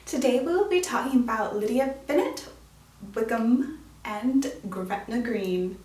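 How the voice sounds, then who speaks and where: A bright, fairly high-voiced woman explains classic literature with bubbly enthusiasm and casual slang. She sounds a little distant from the mic, and the room adds a noticeable echo. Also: expressive, unhurried. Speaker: host of a literature explainer show. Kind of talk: upbeat educational vlog talk.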